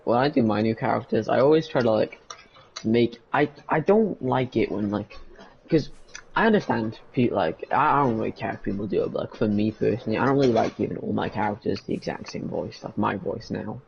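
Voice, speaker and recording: A man's voice: lowish voice, brisk, creaky, dull audio, a little hiss or hum. A man who streams roleplay games, chatting casually and teasing his friends in a rambling way. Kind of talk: casual chat.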